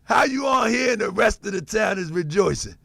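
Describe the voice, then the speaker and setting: Gravelly, excitable man hosting a livestream. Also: high voice, fairly quick. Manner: laughing, mocking, excitable. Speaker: host. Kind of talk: commentary livestream.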